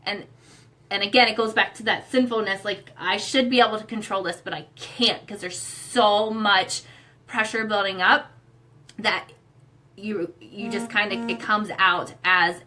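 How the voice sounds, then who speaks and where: Earnest woman with a bright, tense voice. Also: medium pitch, steady tone. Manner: earnest and emotional, halting with many fillers. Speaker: co-host, sharing her own experience. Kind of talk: candid couple conversation.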